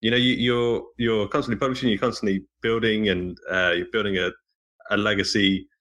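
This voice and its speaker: Host guy, lowish voice, talks fast, friendly chatty vibe. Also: steady tone, a bit bright. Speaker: podcast host. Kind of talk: casual chat.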